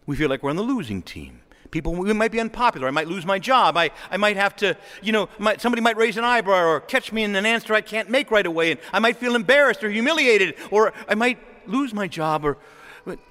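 A man preaches a homily in a lively, sing-song voice that swoops high and low. He is a priest acting out little scenes and chuckling between points. The sound carries a long reverb from the church around him. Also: fairly quick. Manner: animated, acts out quoted voices, chuckles often.

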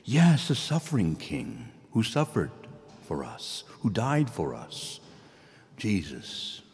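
A low-voiced man preaching in a church, his voice carrying a long hall reverb. He pleads earnestly, swings widely in pitch, rises to bright exclamations and then sinks almost to a whisper. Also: huge pitch swings, slow pace, faint music behind. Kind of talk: sermon.

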